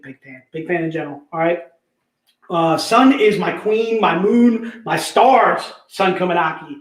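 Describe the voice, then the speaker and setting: High-voiced hype man. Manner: energetic, repetitive, jokey hype talk. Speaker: host selling comic books. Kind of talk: live online sales pitch. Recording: echoey room.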